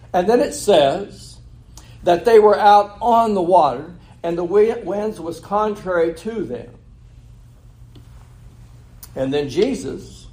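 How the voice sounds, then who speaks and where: A man with a somewhat high, slightly mellow voice preaches a sermon, reading a scripture passage before retelling it in his own words and posing rhetorical questions. He laughs at a slip of his own and corrects it.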